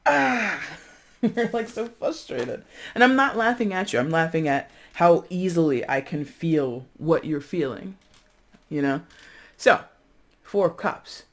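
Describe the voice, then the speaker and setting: Chatty, laughing tarot reader. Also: mid-range voice. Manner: chatty, laughs often, frequent "right?" and "like"; playful asides, drops into mock voices. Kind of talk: casual tarot reading monologue.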